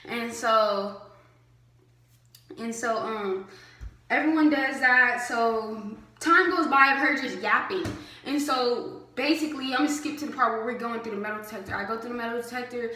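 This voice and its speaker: A woman's voice: fairly high pitch, moderate pace, pushed and bright. A young adult woman vlogger telling a story casually to camera, chatty and full of fillers. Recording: roomy echo.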